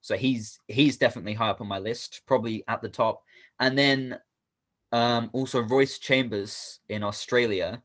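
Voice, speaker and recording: A man who wrestles professionally answering interview questions, soft-spoken and hesitant with many pauses and ums. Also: mid-range voice, steady tone.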